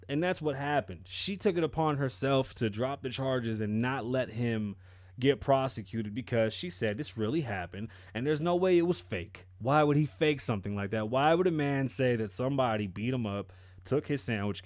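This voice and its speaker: A man's voice: mid-range voice, a little mellow, no echo, clean studio sound. A man giving profane, sarcastic commentary on a news story. He mocks the story and fires off rhetorical questions. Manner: mocking, rhetorical questions, breaks off to laugh. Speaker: commentary vlogger.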